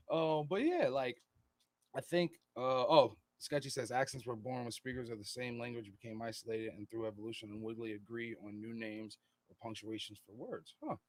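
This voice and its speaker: A man's voice: mid-range voice, moderate pace. American man rambling on a podcast. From United States. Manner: rambling, reads out comments, laughs often. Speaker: podcast co-host. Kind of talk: casual chat.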